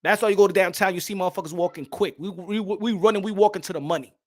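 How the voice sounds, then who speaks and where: High-voiced profane New York man. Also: fast. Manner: loose, swearing, laughing often. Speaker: boxing channel host. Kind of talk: casual profane monologue.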